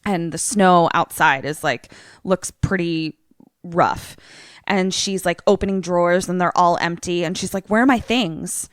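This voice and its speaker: A young woman chats her way through a movie trailer on a podcast, piling up fillers as she goes. Her voice sits a little low and sounds smooth and clean. The recording is dry and close, with no room sound. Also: steady tone, measured pace, no room sound. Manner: chatty, filler-heavy, lots of "like". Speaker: podcast co-host. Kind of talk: casual retelling of a trailer.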